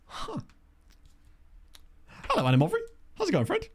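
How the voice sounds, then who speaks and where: Male streamer, lively sing-song delivery, chatty, reads chat as he plays. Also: very high voice, normal speed. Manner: chatty, reads chat aloud, laughs often. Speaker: streamer playing a football management game. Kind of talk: casual live-stream commentary.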